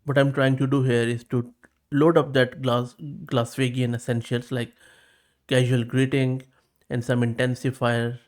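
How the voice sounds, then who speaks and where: A man hosting a tech video, walking through a demo in a relaxed, chatty way. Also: mid-range voice, a little slow. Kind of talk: casual screen walkthrough.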